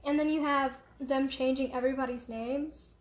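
Young woman, high voice, unhurried rambling vlog chat, filler-heavy, roomy home echo. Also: fairly even intonation. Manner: rambling, distracted, many fillers. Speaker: vlogger. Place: room at home.

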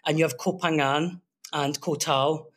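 A man's voice: on the high side, steady tone, a little slow. Scottish male guest, friendly and easygoing, explains things, heard over a call line. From Scotland. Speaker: guest international teacher. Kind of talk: casual interview chat. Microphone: remote call.

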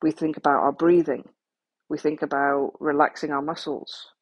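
A woman's voice: low voice, flat delivery, moderate pace. A woman speaking frankly and practically to the listener about coping with trauma, with some self-deprecating asides. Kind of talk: candid talk to the listener.

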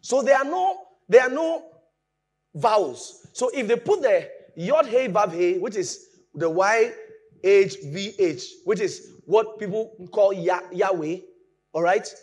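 A man preaching a sermon, explaining with lively emphasis that rises from quiet asides to raised points. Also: high-pitched, a little slow, slightly rough.

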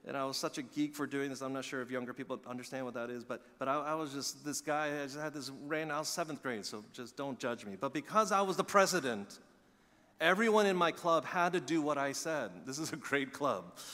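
A middle-aged male pastor preaching a sermon, telling stories with animated emphasis and dropping to quiet asides. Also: medium pitch, a little fast. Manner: animated storytelling, swings between loud emphasis and quiet asides. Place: church sanctuary. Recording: long reverb of a church hall.

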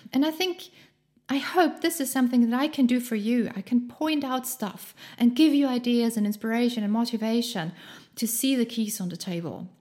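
A woman's voice: a little high, dark tone. A woman giving a casual motivational talk in an encouraging, chatty way, laughing often and using many fillers.

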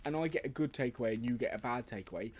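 A man's voice: mid-range voice, lively intonation, very fast, a little mellow, husky. A man co-hosting a casual podcast chat, rambling and restarting his sentences, swearing casually. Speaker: podcast co-host.

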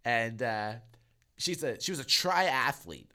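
A man's voice: medium pitch, animated, slow pace, bright, forceful tone. A man co-hosting a podcast, telling stories casually, swearing and laughing as he acts out quotes. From Canada. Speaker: podcast co-host. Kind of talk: casual storytelling chat.

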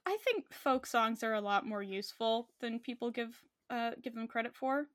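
A woman's voice: fairly high pitch, moderate pace, dry recording, studio quality. A young Canadian woman co-hosting a podcast, chatting casually with many fillers and frequent laughs. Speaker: podcast co-host. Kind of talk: casual chat.

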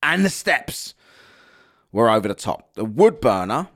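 A man's voice: medium pitch, sing-song, unhurried, fairly bright tone. A man telling a comic, sweary rant about a holiday trip, exasperated and mocking. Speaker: vlogger.

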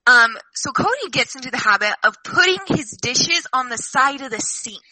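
High bubbly woman, super bright slightly husky voice, acting out quotes, dry close sound. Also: moderate pace, no echo, rough recording. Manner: animated storyteller, acts out quotes. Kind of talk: casual chat among sisters.

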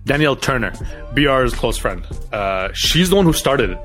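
A man telling stories as a guest in a relaxed podcast interview, voice at an ordinary middle pitch. He talks in loose, run-on phrases and slips into acted-out quotes. Faint music plays underneath. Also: moderate pace. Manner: animated storyteller, acts out quoted voices. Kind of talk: casual interview storytelling.

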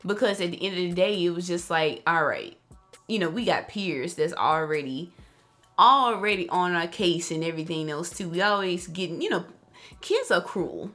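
A woman's voice: on the low side, lively intonation, moderate pace, a bit bright, soft background music. A young woman co-hosting a podcast in casual chat, eager and coaxing, then reflective. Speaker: podcast co-host.

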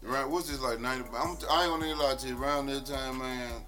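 A man's voice: mid-range voice, fast talker, music in the background. A man from Memphis telling loose, profane stories in a casual podcast chat. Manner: animated, loose, profane storytelling.

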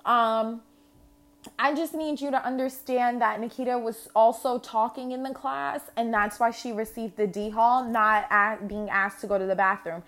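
A woman's voice: on the high side, fairly even intonation, normal speed, fairly bright tone. A woman imitating a school vice principal in a fake-polite, officious way.

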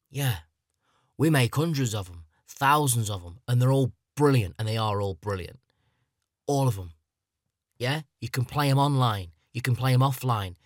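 A man's voice: medium pitch, no room sound, studio quality, natural voice. A man voicing the country of Japan as a generous, boastful, matey bloke, in his own plain voice.

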